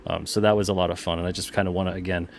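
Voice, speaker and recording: A man with a somewhat low voice chats casually as a guest, enthusiastic but halting, often restarting his sentences. A faint hiss of noise sits behind him. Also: flat delivery, creaky. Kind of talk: casual conversation.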